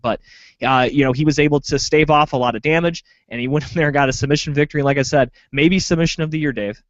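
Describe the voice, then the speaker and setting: Guy on a podcast talking fights, kinda high voice, dull dry lo-fi sound, rambles a lot. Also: fast, no echo. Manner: rambling, animated fight breakdown with fillers. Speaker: podcast co-host. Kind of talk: casual sports podcast chat.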